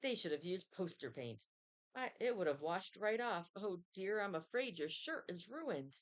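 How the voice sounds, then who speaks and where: A woman's voice: fairly low pitch, sing-song, unhurried. A woman voicing a fussy, flustered schoolteacher who fusses and scolds, in a storybook reading. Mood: fretting.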